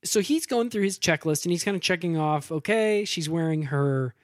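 A casual storyteller who rambles, hesitates and sounds amused while talking, at a middling pitch. The sound is dry and close, with no room echo. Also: expressive, moderate pace.

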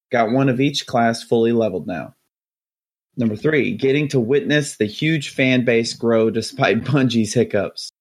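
Salty Southie Boston fan, voiced by a male podcaster, mid-pitched, reading a letter. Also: lightly acted. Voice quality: exaggerated salty Southie drawl. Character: listener writing in, read aloud, adult man. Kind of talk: reading a listener letter aloud.

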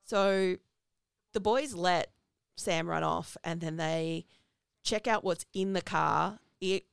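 A woman talks through a movie's plot in a relaxed, chatty podcast conversation. Her voice sits fairly low with a gravelly edge. The sound is dry and close. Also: takes it slowly, no room sound. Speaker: podcast co-host. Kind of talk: casual movie discussion.

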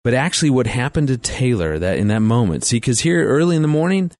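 A man's voice: mid-range voice, animated, fast, a little mellow, dry recording. A middle-aged man speaking on marriage and family, telling stories with a chatty manner, laughing often and restarting sentences. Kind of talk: storytelling talk with faith references.

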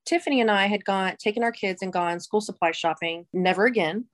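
Woman, podcast co-host, relaxed chatty talker who laughs easily and trails off mid-thought. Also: mid-range voice, brisk. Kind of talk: casual chat.

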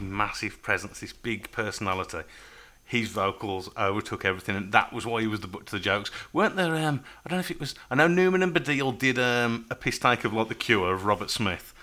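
A man hosts a casual music podcast. His voice sits a little low but sounds bright and forward. He chats easily, laughs often and reads from his notes. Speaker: podcast host.

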